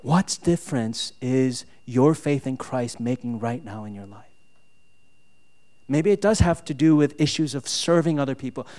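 A man's voice: mid-range voice, dark tone. A man preaching a sermon, telling a personal story with lots of "right?" and building to exasperated outbursts. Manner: frequent fillers and tag "right?". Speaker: pastor.

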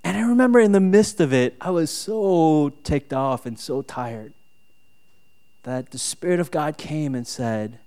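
His pitch fairly high and a little mellow, a pastor speaks expressively at normal speed. The sermon centers on a personal story, peppered with fillers and repeated "right?" tags, and climbs toward exasperated outbursts.

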